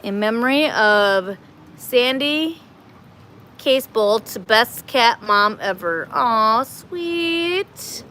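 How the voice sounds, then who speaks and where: A woman's voice: medium pitch, takes it slowly, fairly bright tone, a little hiss or hum. A woman hosting a casual live stream, chatty and rambling, filming on a phone while walking around an outdoor cat playground. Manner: chatty, rambling, laughs easily.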